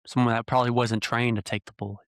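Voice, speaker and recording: A man's voice: medium pitch, flat delivery, quick pace, dry recording. Male podcast host, mid-range voice, preachy heartfelt rant, dead-dry close mic. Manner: earnest, heated, full of rhetorical questions. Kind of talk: ranting solo podcast monologue.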